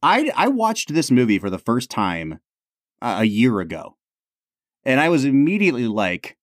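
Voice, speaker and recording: An animated man co-hosts a podcast in casual chat, his pitch swinging widely as he talks emphatically and laughs often. The sound is dry and close, with no room echo. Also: moderate pace. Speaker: podcast co-host.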